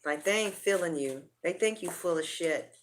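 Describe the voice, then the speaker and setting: A woman's voice: on the low side, moderate pace, a little hiss or hum. A woman giving a casual tarot reading in a blunt, profane way of talking. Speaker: tarot reader.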